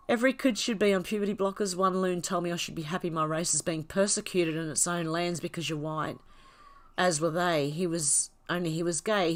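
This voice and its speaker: Chatty woman, low voice. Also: fairly bright tone. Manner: chatty and candid, with frequent giggles. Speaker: livestream host. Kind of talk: casual livestream, reading viewer chat aloud.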